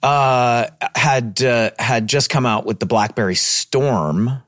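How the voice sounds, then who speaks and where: A man co-hosting a podcast in casual chat, telling wandering, animated stories. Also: mid-range voice, slow pace, no echo, clean studio sound. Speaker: podcast co-host.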